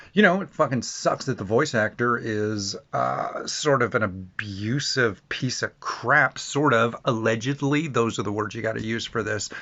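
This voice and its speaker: A man delivers an animated, foul-mouthed review in a casual ranting style. His pitch sits in an ordinary middle range. The recording sounds slightly dull and lo-fi. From Canada. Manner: blunt, profane, animated. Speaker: video reviewer. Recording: muffled lo-fi audio.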